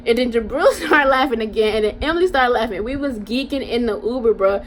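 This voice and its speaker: A young woman spins a casual storytime for her viewers, full of slang and animated asides. Her voice sits a little high. A faint hiss runs under the recording. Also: brisk. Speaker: vlogger.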